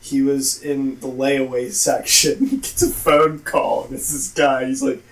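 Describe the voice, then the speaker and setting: A man's voice: medium pitch, little pitch movement, a little slow, hardly any pauses. A man co-hosting a casual podcast, laughing as he retells a friend's story and steering the talk back. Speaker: podcast co-host. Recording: echoey room, distant mic, hiss.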